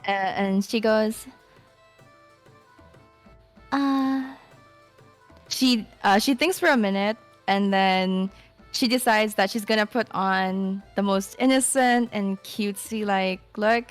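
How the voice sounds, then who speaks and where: A woman's voice: mid-range voice, fairly even intonation, slow pace, long pauses, soft background music. A woman playing a tabletop game, describing her character's actions in a hesitant way. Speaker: player.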